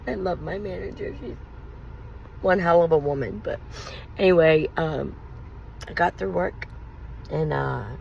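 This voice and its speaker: A woman's voice: lowish voice, measured pace, creaky, pauses often, darkish tone, slight background noise, poor audio. A woman and mother telling her own painful story on a vlog, in an emotional, rambling, confessional way. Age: adult, mother of young children.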